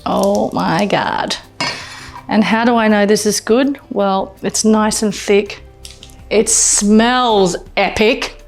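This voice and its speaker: Speaking slowly in a medium pitch, the host of a casual cooking demo is an Australian woman in a home kitchen. She chats eagerly and exclaims a lot, with music underneath.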